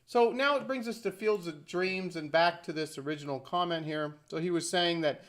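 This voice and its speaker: A man with a high voice talks casually to his viewers, rambling from point to point with plenty of asides. He stays informal and chatty throughout. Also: moderate pace, a bit bright. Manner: rambling, conversational, fond of asides. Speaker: video host. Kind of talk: casual commentary to camera.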